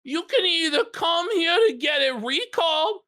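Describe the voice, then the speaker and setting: A woman voicing a stern, angry male judge with a Southern US accent, loud and scolding. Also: extremely high pitch, animated, normal speed, voice pushed up, exaggerated voice.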